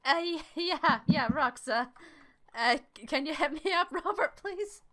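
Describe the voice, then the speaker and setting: A woman's voice: sits high, expressive, a little slow, a bit bright, pitched above the performer's own voice. A woman voicing a shy, hesitant young male adventurer who stammers. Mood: flustered.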